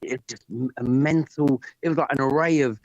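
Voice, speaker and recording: A man hosting a live stream and telling a story in a rambling, profane, animated way. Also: mid-range voice, fairly quick, dry recording, highs cut off. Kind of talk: casual chat.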